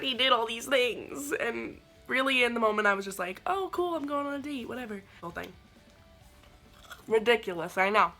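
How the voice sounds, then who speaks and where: A woman in her twenties telling a dating story to camera, animated and sarcastic, acting out her own quoted lines. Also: medium pitch. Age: 20s. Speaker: vlogger. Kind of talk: storytelling vlog.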